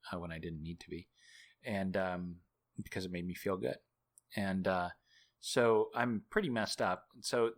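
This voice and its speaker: Male guest, low voice, loose self-deprecating storyteller, lots of ums and restarts. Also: a bit bright. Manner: rambling, self-mocking, many fillers and restarts. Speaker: guest, author and journalist. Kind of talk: casual storytelling interview.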